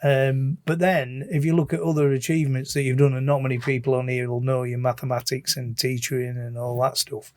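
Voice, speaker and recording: A man's voice: mid-range voice, little pitch movement, fairly quick, hardly any pauses. A man hosting a casual podcast chat who asks questions and teases his guests with jokes. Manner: teasing, jokey questioner.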